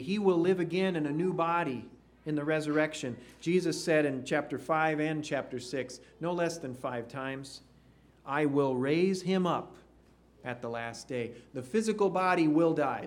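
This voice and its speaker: A man's voice: a little high, moderate pace. A man preaching a sermon, reading scripture aloud and explaining it with rising emphasis. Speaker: pastor.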